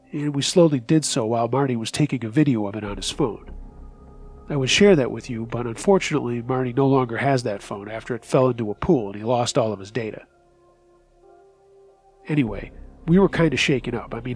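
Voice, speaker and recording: A man narrating true scary stories as the host of a horror story show, reading in a measured, steady voice. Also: mid-range voice, husky.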